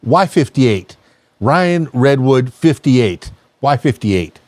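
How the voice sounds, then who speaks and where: A man's voice: medium pitch, lively intonation, darkish tone, no echo. A man hosting a podcast, chatting casually and rambling with many restarts. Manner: rambling, halting, full of restarts. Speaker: podcast host. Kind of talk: casual chat.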